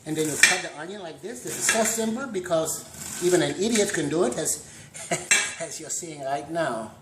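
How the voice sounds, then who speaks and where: Guy doing a silly cooking show, deadpan dad jokes, echoey kitchen with dishes clanking. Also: fairly high pitch, normal speed, heavy background noise. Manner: deadpan punning, dad jokes, trailing asides. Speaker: host of a joke home cooking show. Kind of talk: rambling mock cooking demonstration. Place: home kitchen. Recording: echoey kitchen with clattering pots and cutlery.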